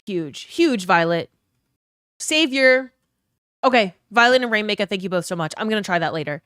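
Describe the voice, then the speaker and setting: A young woman live streamer from New Orleans talks easily with her viewers, picking up comments and answering with loose, casual swearing. Her voice sits at a middle pitch, and the sound is close and dry. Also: expressive, normal speed, a bit bright, smooth, no echo. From New Orleans, US South. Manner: chatty, reads chat aloud, swears casually.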